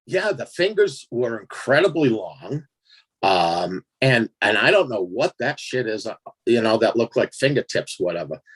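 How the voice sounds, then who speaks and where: A man telling a strange personal story in a casual interview, animated and laughing as he acts out his own reactions. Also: mid-range voice, moderate pace, slightly rough. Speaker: guest storyteller.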